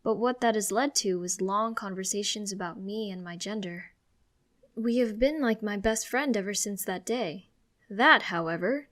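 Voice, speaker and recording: A woman narrating a first-person audiobook in an expressive, conversational way. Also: mid-range voice.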